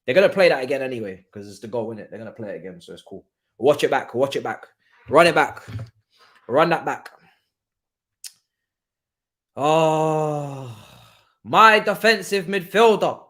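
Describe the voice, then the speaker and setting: A young man hosting a live football watchalong, talking in an excitable, slangy way, laughing often and swinging from loud outbursts to quiet asides. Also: mid-range voice, quick pace. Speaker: livestream watchalong host.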